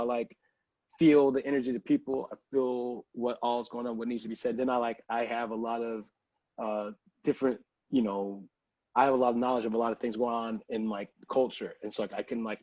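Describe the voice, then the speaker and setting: A man's voice: mid-range voice, a little mellow, husky, no room sound, highs cut off. A man from Texas, a podcast guest, telling a story in a casual, chatty way, full of "like" and "you know".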